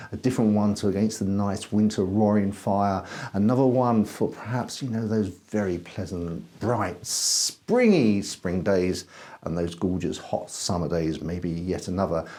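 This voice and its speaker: A man's voice: fairly low pitch, mellow. A man hosting a casual wine-tasting chat, friendly and self-mocking, given to flowery phrasing. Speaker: wine show host.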